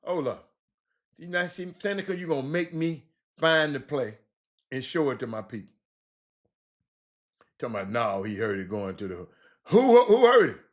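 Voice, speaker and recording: A man with a medium-pitched voice speaks at normal speed with long pauses, hosting a livestream. He talks basketball loosely and teasingly, answering his chat in an animated way, poking fun at the readers and repeating phrases.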